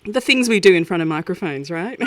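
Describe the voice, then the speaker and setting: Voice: mid-range voice, lively intonation, fairly quick, a bit bright, slight background noise. An interviewer chatting casually, enthusiastic and laughing often while asking about a new album.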